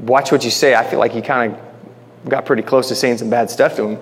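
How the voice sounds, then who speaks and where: A man's voice: medium pitch, steady tone, fast talker. A man teaching a conversational Bible-study sermon, speaking informally, restarting phrases and calling his listeners guys. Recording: long hall reverb.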